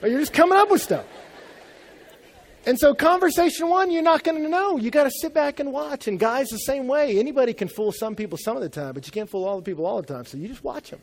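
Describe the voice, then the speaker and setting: A man's voice: very high voice, fast, hardly any pauses, some chatter behind. A young adult man preaching a sermon as a pastor in a conversational, humorous storytelling way.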